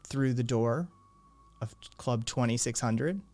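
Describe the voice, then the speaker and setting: A man narrating as game master in a measured, unhurried way. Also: medium pitch, a little mellow.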